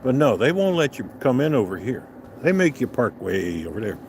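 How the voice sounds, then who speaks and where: A man's voice: medium pitch, big pitch swings, brisk, background noise. An older man vlogging, telling a profane, angry story about a road clash, swearing heavily as he talks outdoors. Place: outdoors on a restaurant patio.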